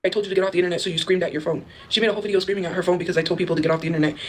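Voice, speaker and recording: A woman's voice: on the low side, steady tone, very fast, darkish tone, slight background noise. A woman in a played clip rambling and mocking someone, repeating herself. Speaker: internet personality in a clip. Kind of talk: casual rant to camera.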